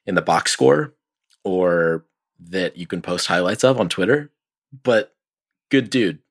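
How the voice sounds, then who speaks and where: A man co-hosting a casual sports podcast, chatty and quick to laugh. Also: sits low, animated. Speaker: podcast co-host.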